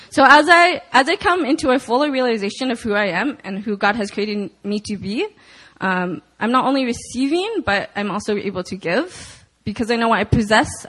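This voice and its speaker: A woman giving a personal testimony at a church prayer meeting, talking earnestly and softly with hesitant fillers. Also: medium pitch, low-quality recording.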